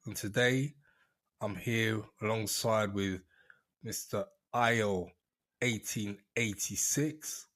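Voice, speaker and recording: A man hosts a football fan podcast in a relaxed, friendly way and chuckles often. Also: on the low side, slow pace. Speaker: podcast host. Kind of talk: casual fan podcast chat.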